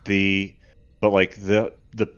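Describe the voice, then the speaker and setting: A man's voice: low-pitched, completely flat delivery, slow, fairly bright tone, smooth. A man co-hosting a live gaming show, chatting in a dry, hesitant way with many fillers. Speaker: co-host. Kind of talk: casual livestream chat. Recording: dull lo-fi mic.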